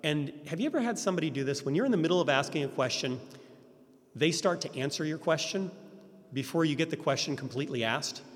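A man's voice: a little high, lively intonation, quick pace. A man teaching a class on ministry, often putting rhetorical questions to his audience. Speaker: Christian ministry instructor. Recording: echoey hall reverb.

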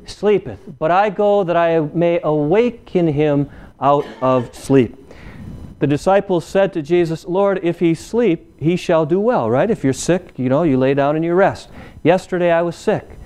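A man's voice: fairly high pitch, unhurried, a little mellow, smooth. A man preaching a sermon in a conversational way, often tossing questions to the congregation. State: recovering from illness.

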